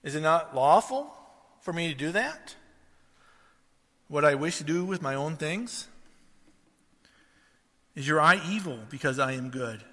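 A man with a high, bright voice preaches to his congregation, shifting into animated impressions as he tells stories. His words ring out with a long hall reverb around them. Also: unhurried, pauses often. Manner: animated storytelling, mimics voices in anecdotes. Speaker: pastor. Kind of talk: sermon.

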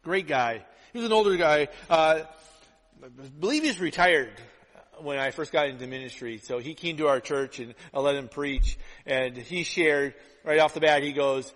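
A male pastor preaching a sermon, telling stories with lively acted-out quotes. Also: on the high side, normal speed. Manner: animated storytelling, acts out quotes. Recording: long hall reverb.

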